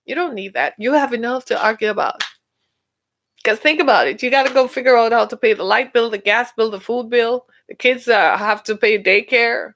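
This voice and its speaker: A woman hosting a casual relationship-advice talk, animated, laughing often and acting out little dialogues. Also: on the high side, a little fast. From United States. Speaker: podcast host.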